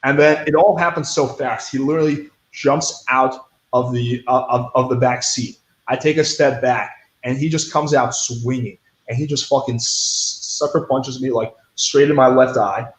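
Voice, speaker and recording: A man's voice: mid-range voice, steady tone, moderate pace. A young man telling a story in a casual interview, blunt and profane, full of fillers like "like" and "right". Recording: echoey room.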